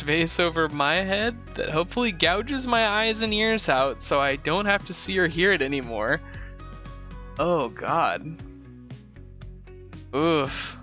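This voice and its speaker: A young man with a bright, somewhat high voice reads a post aloud and keeps stopping to drop blunt, sarcastic comments. Soft music plays faintly underneath. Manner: reads in first person, breaks off for blunt sarcastic asides. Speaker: host reviewing reddit posts.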